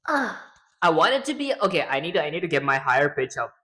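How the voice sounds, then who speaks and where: A man's voice: a little high, big pitch swings, rapid-fire, sharp tone. Rambling man streaming while he codes. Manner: rambling, talks to himself while working. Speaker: streamer and game developer. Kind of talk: casual livestream chat.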